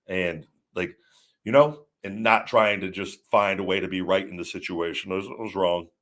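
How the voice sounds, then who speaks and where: A man in his forties hosts a live stream in a loose, rambling way, circling back and correcting himself as he talks. His voice sits a little low, and he chats with the audience casually. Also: steady tone, normal speed, fairly bright tone. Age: 40s. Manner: rambling, self-correcting storytelling. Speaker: show host.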